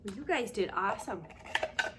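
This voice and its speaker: A woman teaching a remote preschool lesson, patient and sing-song, sometimes dropping to a hushed whisper to give clues. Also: mid-range voice, expressive, a little fast, very noisy. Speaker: daycare teacher.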